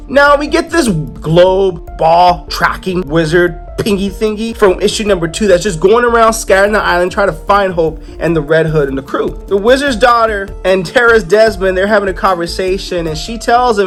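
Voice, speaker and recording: A man casually reviewing a comic book, retelling the scenes in an animated way and slipping into the characters' voices. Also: sits high, normal speed, hardly any pauses, soft background music.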